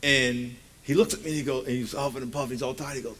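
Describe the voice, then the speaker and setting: A man's voice: medium pitch, steady tone, fast, fairly bright tone. A man in his forties preaching a conversational sermon in a church, joking and firing rhetorical questions at the congregation.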